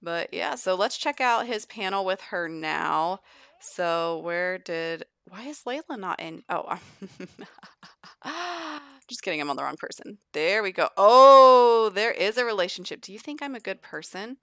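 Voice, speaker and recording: A young woman narrating a life-simulation game in a casual, chatty way, voicing the characters' lines in quick asides. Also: medium pitch, animated, vocal fry, bright, forceful tone, smooth, dry recording, studio quality. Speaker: gameplay narrator. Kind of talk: casual let's-play narration.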